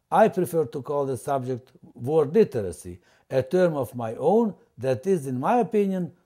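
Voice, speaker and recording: A man's voice: a little high, warm tone. Man reading a formal letter. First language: not English; English is his seventh language. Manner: formal, stilted wording, read out deliberately. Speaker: language teacher presenting his method. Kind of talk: reading a prepared open letter.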